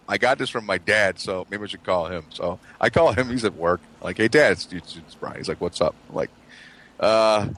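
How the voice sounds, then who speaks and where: A man's voice: fairly low pitch, pushed and bright. A man casually telling a funny story to friends, swearing a lot and acting out what people said. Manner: profane, laughing, acts out quotes. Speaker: podcast co-host.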